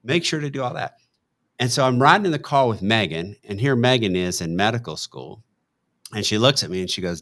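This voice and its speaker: Animated middle-aged man, drawl. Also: fairly low pitch, a little fast. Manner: animated storytelling, gets worked up. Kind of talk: casual panel chat.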